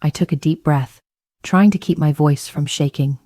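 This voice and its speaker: Woman narrating a story, low voice, dry close sound, steady pace. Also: normal speed, dry recording. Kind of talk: first-person story narration.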